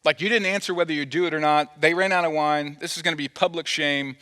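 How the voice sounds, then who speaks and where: A man's voice: fairly high pitch, fairly even intonation, fast talker, sharp tone. A man preaching a sermon as pastor, telling a story playfully and acting out the quoted dialogue. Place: church auditorium. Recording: long hall reverb.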